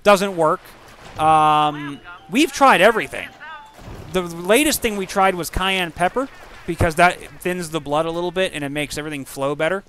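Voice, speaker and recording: Bright-voiced man swearing through a game. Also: a little high, moderate pace. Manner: rambling, profane, yelps when startled. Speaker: gaming channel host. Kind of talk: let's play commentary.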